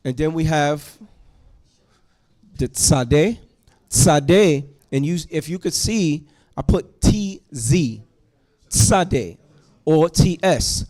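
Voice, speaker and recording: A man teaching a Hebrew class to students in a classroom, going through the alphabet letter by letter in a slow, patient way. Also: a little high, animated, dark tone.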